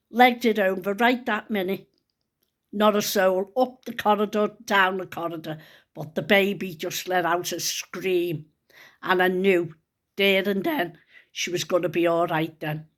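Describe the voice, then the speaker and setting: Chatty middle-aged woman. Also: medium pitch. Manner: rambling, chatty, earnest storytelling. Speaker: vlogger. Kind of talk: casual chat to camera.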